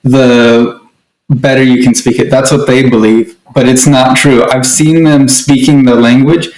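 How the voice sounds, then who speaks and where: A man's voice: medium pitch, fairly even intonation, a little slow, a little mellow. Guy co-hosting a casual chat, explains stuff with lots of restarts, kinda echoey room. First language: English. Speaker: co-host. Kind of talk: casual conversation.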